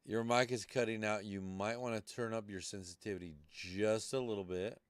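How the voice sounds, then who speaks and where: A man with a lowish, smooth voice hosts a casual live-stream podcast. He rambles loosely and swears often. The sound is dry and close. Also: steady tone, normal speed, no room sound. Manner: loose and profane, rambling through tech troubles. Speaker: podcast host.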